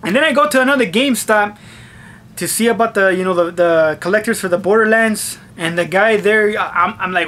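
A man's voice: high-pitched, a little fast, sharp tone, a little hiss or hum. A young man vlogging in a casual, profanity-heavy rant, acting out his own reactions. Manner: swears constantly, acts out his own reactions.

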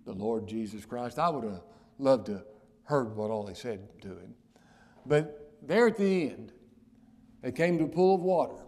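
In an expressive, mid-range voice, a male pastor preaches, his loud declarations dropping to soft near-whispers. Key lines are stretched out and weighted for effect.

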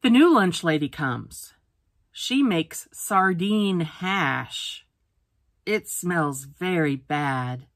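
A woman's voice: on the low side, expressive, very slow, no echo, studio quality. A woman teacher reading a picture book aloud for a phonics lesson, sounding out words letter by letter.

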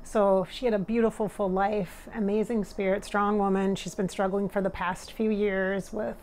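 A woman's voice: medium pitch, level tone, moderate pace, a little mellow, slight background noise. A middle-aged woman working as a spirit medium talks casually to her viewers. She is earnest and emotional, laughs often and tears up. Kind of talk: casual monologue during a channeling session.

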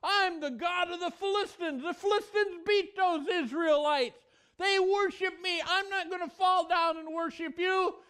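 A man voicing a proud, defiant male idol god who boasts and refuses to bow, in a voice pitched well above his own. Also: unhurried, sharp tone, exaggerated voice. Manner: indignant, boastful.

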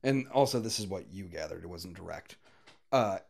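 A man co-hosting a casual movie-review podcast, recapping scenes and quoting lines with lively intonation. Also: deep voice, normal speed, vocal fry. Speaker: podcast co-host.

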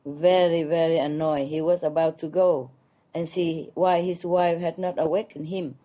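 A woman's voice: deep voice, fairly even intonation, normal speed, dark tone. A woman teaching at a retreat, telling jokes playfully with chuckles and frequent check-ins with her listeners.

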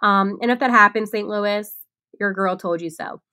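A young woman hosting a solo sports podcast, animated and excitable, often laughing at herself. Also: medium pitch, normal speed. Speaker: podcast host.

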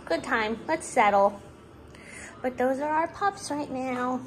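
A woman's voice: sits high, lively intonation, takes it slowly, a little hiss or hum. Affectionate woman cooing at her dogs. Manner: affectionate baby talk to pets. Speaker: dog owner. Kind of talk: casual pet vlog.

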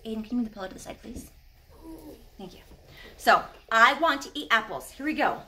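A woman's voice: sits high, a little fast. A woman teaching a sign language class to young children, upbeat and encouraging, often gasping with delight at their answers. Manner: animated, encouraging, gasps with delight.

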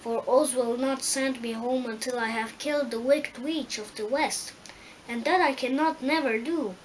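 A woman's voice: sits high, moderate pace, slight background noise, close to an everyday voice, rough recording. A woman reading aloud, voicing the young girl Dorothy as tearful and pleading. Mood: sad. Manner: pleading, sobbing.

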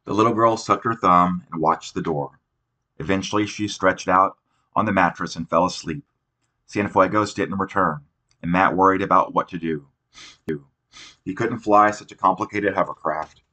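Deep-voiced man reading a novel aloud. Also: bright, forceful tone. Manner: unhurried reading with occasional restarts. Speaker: audiobook narrator. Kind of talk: scripted audiobook narration.

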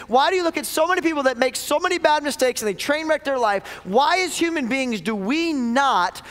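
A man with a very high voice preaches a sermon in a church, his words ringing with a long reverb around the sanctuary. He is emphatic, stacks up questions and drives his points home again and again. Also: a bit bright. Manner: emphatic, repeats questions, acts out voices he quotes. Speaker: lead pastor.

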